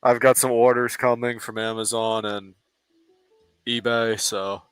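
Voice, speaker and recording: A man's voice: mid-range voice, level tone, a little slow, fairly bright tone, clean tone, no echo, faint music behind. A man on a casual stream panel, needling and teasing the other speaker in a laid-back way.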